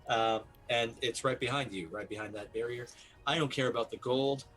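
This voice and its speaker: A man's voice: mid-range voice, steady tone, normal speed, fairly bright tone, soft background music, poor audio. A man playing a tabletop game, talking in an easygoing, earnest way. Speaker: player. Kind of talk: casual tabletop play.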